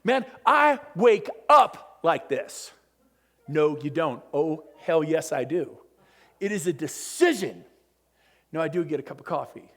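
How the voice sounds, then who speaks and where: Animated man preaching motivation. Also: unhurried, pauses often. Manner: animated, preachy, jumps between loud bursts and low asides. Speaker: motivational speaker. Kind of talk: motivational seminar talk. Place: conference room.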